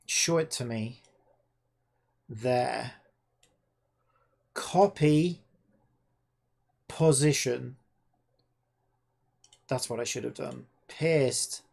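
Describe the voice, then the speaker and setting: A game developer thinking aloud at the keyboard, with a gravelly, creaky edge to the voice. The talk is slow and drawn out, muttered half to themself and peppered with frustrated swearing. It is casual self-talk with no audience in mind. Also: mid-range voice, a little mellow.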